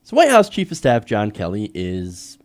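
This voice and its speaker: A man's voice: on the low side, huge pitch swings, normal speed, darkish tone. A man hosting a live political commentary show, speaking sarcastically and emphatically with frequent laughs. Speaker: host.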